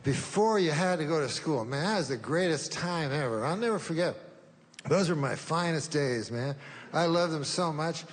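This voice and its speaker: A man doing stand-up comedy, with a deadpan, rambling delivery. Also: fairly high pitch, moderate pace. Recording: reverberant club hall, faint noise.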